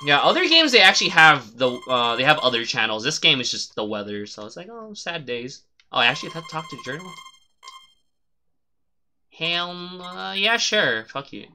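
A man streaming a game live, chatting casually and swearing a lot, rambling and then shouting suddenly at the game. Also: on the high side, very animated, normal speed, a little hiss or hum. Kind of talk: casual live gameplay commentary.

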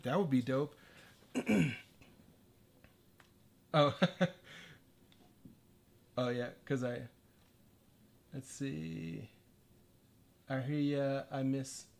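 A man chatting casually on a livestream while assembling a computer, rambling and self-deprecating, sometimes drifting away from the mic. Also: mid-range voice. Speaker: livestreaming artist.

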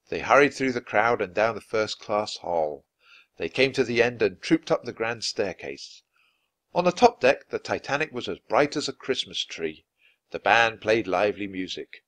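A man reading a children's book aloud, clear and expressive, at an easy pace for learners. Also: fairly low pitch, dry recording. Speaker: storybook reader.

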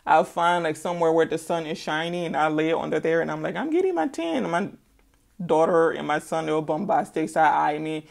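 A woman's voice: low voice, level tone, fairly quick, creaky. Woman tarot reader, middle-aged, casual sassy delivery with teasing asides and emphatic repetition.

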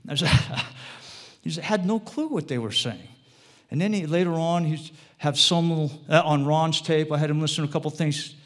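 A man's voice: on the high side, normal speed. A man speaks in a slightly raised register as he lectures a live room in a loose, digressive way. He keeps turning to his listeners with little tag questions. His thoughts restart and wander as he goes. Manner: rambling, digressive delivery with restarts. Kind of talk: informal lecture to a live audience.

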